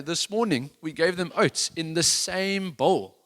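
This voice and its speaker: Man preaching, fairly high voice, earnest, chatty, self-deprecating, restarts a lot. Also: unhurried. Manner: animated, with many restarts. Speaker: worship leader giving a sermon. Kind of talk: sermon.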